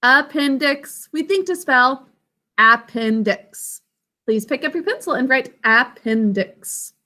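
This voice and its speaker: Bright-voiced woman teaching young kids. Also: high-pitched, expressive, normal speed. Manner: patient, stretches words out to sound out syllables; encouraging, praises students by name. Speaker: elementary school teacher. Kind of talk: classroom literacy lesson.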